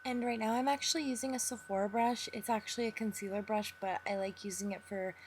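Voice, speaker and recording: A young woman talking through a makeup tutorial step by step, speaking deliberately slowly in a chatty way. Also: mid-range voice, steady tone, darkish tone, a little hiss or hum. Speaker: beauty vlogger.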